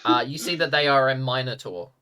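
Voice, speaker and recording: A man narrating as game master of a tabletop game, halting and full of fillers. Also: mid-range voice, sharp tone, clear, resonant tone, far from the mic.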